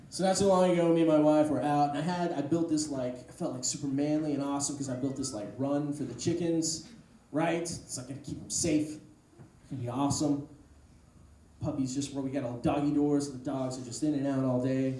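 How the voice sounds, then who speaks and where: A man doing a stand-up comedy set, telling a rambling story with deadpan asides. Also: a little high, a little fast. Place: comedy club stage. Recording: echoey room, distant mic, noise. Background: audience laughter.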